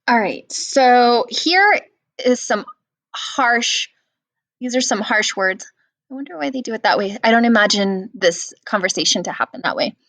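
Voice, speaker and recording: An English teacher, a woman, leads students through a play in a guided reading lesson, explaining things casually and saying "um" and "like" a lot. Her voice is a little high, a little slow, expressive and fairly bright, with no echo.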